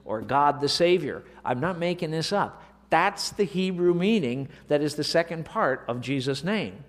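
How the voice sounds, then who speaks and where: A man preaching a sermon, moving from quiet asides to slow, emphatic declarations. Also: medium pitch. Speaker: pastor. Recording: long reverb of a large hall.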